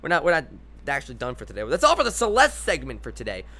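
Bright, lively young male streamer. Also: medium pitch, fast. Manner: excited, rambling, laughs a lot. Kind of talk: gaming commentary.

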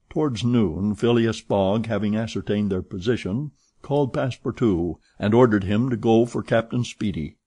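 A man reading a classic novel aloud as an audiobook narrator, in a steady, measured way. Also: fairly low pitch, breathy edge, dry recording, clean studio sound.

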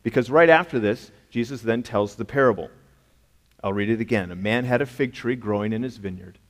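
A lowish-voiced pastor preaches fairly quickly in a reverberant church sanctuary. The sermon has an emphatic, conversational feel, with plenty of rhetorical questions.

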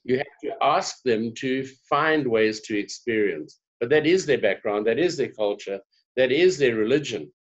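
A South African man speaking as a guest in a conversational interview, an animated storyteller. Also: mid-range voice, moderate pace. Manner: animated storyteller, laughs often. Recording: dull lo-fi sound.

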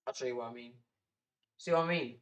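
A man's voice: mid-range voice, quick pace, a bit bright, highs cut off. A young man from the UK chatting casually on a live stream, rambling with restarts and sudden exclamations. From United Kingdom.

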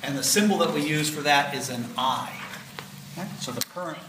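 A man's voice: fairly high pitch, a little fast, sharp tone. A man in his sixties giving a physiology lecture, explaining step by step and checking in with "okay?" and "right?". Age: 60s. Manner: explanatory, repeats key points with "okay?" and "right?". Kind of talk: classroom lecture. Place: lecture hall. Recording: roomy lecture hall, mic at a distance, faint noise.

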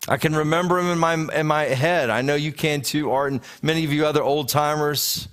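A rabbi in his thirties preaching a sermon to his congregation, telling stories in an animated way and often restarting his words. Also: on the high side, fairly quick. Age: 30s. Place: congregation sanctuary.

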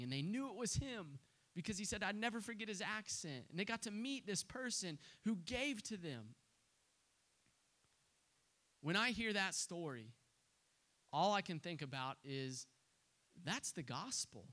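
Young adult male preacher, earnest storytelling sermon, voice a bit higher than most men. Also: fairly bright tone. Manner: earnest storytelling with frequent restarts. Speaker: pastor.

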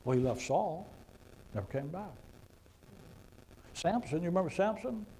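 A man preaches to a congregation in a church, his voice pitched a little high with a gravelly edge. He talks in a conversational way and hits points with sudden loud emphasis. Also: animated, moderate pace, slight background noise, poor audio. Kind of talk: sermon.

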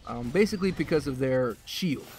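A man hosting a gaming video, giving casual, excitable commentary while he plays, a little out of breath, with sudden loud outbursts. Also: medium pitch, a little fast, soft background music.

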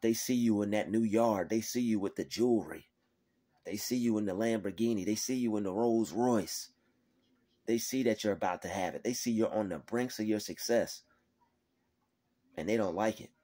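A man's voice: on the low side, moderate pace, mellow. A man giving a faith-based motivational pep talk to his viewers, emphatic and repetitive, swearing freely as he drives his points home.

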